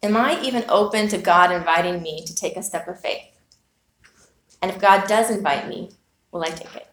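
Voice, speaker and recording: A woman's voice: on the low side, moderate pace, fairly bright tone. A woman preaching a sermon, telling a personal story with earnest, reflective rhetorical questions. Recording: echoey room.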